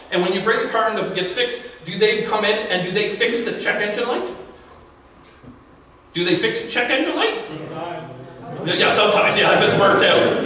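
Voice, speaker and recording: A man's voice: high-pitched, a bit bright. A man giving a live talk to a business audience at an event, in a conversational manner with frequent restarts and repeated words. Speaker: guest speaker. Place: event room at a networking event. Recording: echoey room from far off with faint background noise.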